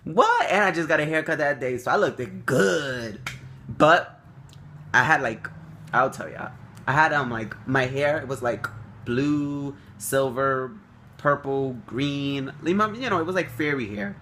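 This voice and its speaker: A young man telling a story to the camera, animated and swearing freely, acting out quotes. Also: measured pace, a little hiss or hum. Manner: animated, swears freely, acts out quotes with big jumps up in pitch. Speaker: vlogger.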